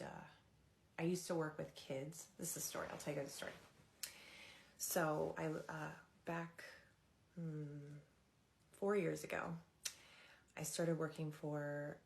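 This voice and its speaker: Low, gravelly-voiced young woman. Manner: rambling, halting, with many fillers, greeting viewers by name. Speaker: livestreamer and former teaching assistant. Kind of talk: casual storytelling to a live chat.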